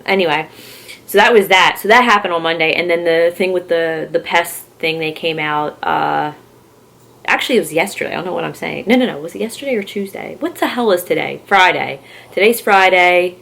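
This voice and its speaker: A young woman vlogger from Philadelphia rambles through a casual story, filling it with "like" and curse words. Her voice sits a little low and has a gravelly, fry-laced edge. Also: brisk, a bit bright. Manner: rambling, full of "like" and swearing. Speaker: horror vlogger.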